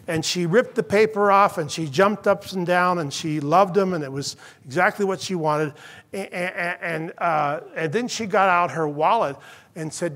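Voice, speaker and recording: A male pastor preaches a sermon through earnest storytelling, his voice dropping to a hush in tender moments. He speaks with a high-sitting voice at a moderate pace.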